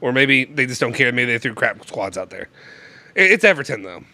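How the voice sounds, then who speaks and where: A man's voice: mid-range voice, very animated, a little fast, bright, forceful tone. A young man hosting a casual live-streamed chat, loose and joking, rambling with restarts into a close mic. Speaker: show host.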